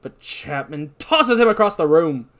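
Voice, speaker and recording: A male podcast host narrates a movie recap with lively, animated delivery. He throws in self-deprecating asides as he goes. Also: on the high side, a little slow.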